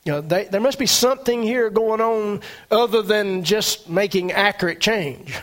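A man preaching a sermon, animated, with dramatic swings in pitch and loudness. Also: moderate pace.

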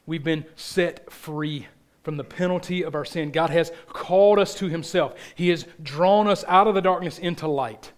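An earnest male preacher delivering a sermon in church. His voice sits a little higher than most men's, and he leans on repeated phrases, often sinking soft at the close of a line. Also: moderate pace.

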